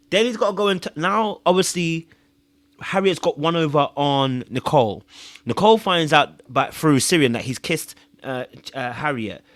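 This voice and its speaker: A man's voice: fairly high pitch, fairly bright tone, no room sound. A man hosting a reality TV review, scolding and mocking the contestants with rhetorical questions and stumbling over words with repeated fillers. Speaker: host.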